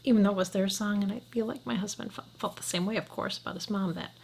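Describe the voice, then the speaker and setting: A woman's voice: medium pitch, fairly even intonation, fast, creaky, a little mellow, a little hiss or hum. A middle-aged woman chatting frankly to camera as a beauty vlogger, often sinking to a near whisper. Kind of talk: casual chat to camera.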